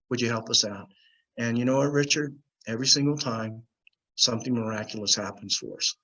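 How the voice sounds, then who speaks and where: Speaking at medium pitch, a US man who is a guest on an interview show shares a relaxed anecdote and acts out the people he quotes. The recording sounds muffled.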